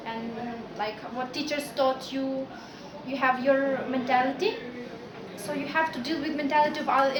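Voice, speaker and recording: A woman's voice: high-pitched, noisy background. A woman from Ukraine giving a chatty, anecdotal talk to a class as a guest speaker, with many fillers like "like" and "yeah". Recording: echoey classroom with students.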